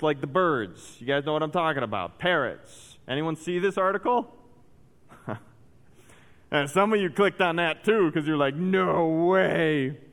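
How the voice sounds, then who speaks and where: A pastor with a fairly high voice preaches to his congregation, moving between animated storytelling and soft, intense, weighty emphasis. Long reverb from a large church hall trails each phrase.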